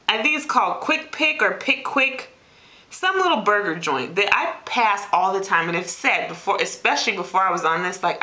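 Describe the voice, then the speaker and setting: A woman telling a story in a casual vlog, venting in an animated, exasperated way with big swings in her voice. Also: medium pitch, echoey room. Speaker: vlogger. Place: home room.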